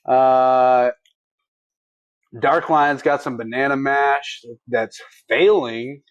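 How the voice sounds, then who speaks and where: A man's voice: medium pitch, extremely slow, no echo, muffled recording. A man co-hosting a livestream, chatting casually and folksily as he reads viewer comments. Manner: laid-back, folksy, laughs easily. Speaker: livestream co-host.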